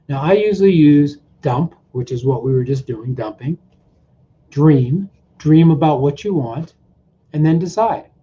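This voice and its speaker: A man's voice: a little high, unhurried, dark tone. A man coaching viewers through a tapping routine, checking in often with "okay?" and repeating short phrases as he demonstrates, on a dull, slightly noisy recording. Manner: repetitive, coaching with frequent "okay?" check-ins. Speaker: mindset coach. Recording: dull lo-fi sound with faint noise.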